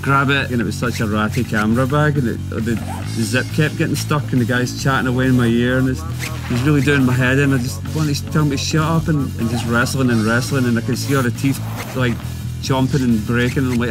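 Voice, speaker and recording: A man's voice: medium pitch, fairly even intonation, fast talker, over music. A Scottish man telling a casual, rambling anecdote, full of fillers and slang. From Scotland. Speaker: storyteller.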